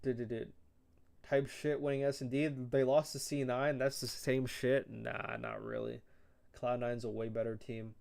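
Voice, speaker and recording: A man's voice: mid-range voice, normal speed, creaky, dry recording. Swearing young man streaming esports. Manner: loose, profane, slangy chatter, calls his own voice monotone. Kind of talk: casual esports stream commentary.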